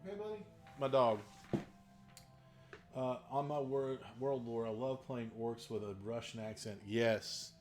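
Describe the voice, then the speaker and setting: Rambling dungeon master, faint West Virginia twang. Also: male voice, mid-range voice, fairly even intonation, takes it slowly, faint music behind. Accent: faded Southern West Virginia. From Southern West Virginia. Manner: rambling, many fillers and restarts, easygoing. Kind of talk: casual Q&A talk.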